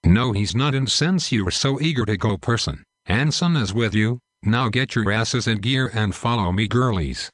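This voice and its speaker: Male narrator playing a blunt sergeant barking orders, low and plain. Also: expressive, moderate pace, hardly any pauses, fairly bright tone, dry recording, clean studio sound. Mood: stern.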